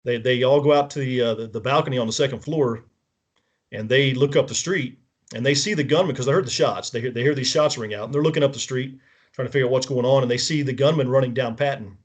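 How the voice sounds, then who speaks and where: A man's voice: mid-range voice, quick pace. A man speaking as a guest on a talk show, walking through events in order and checking in with the listener as he goes. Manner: detailed step-by-step recounting, checks in with the listener; frequent restarts and self-corrections. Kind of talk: casual spoken walkthrough of events.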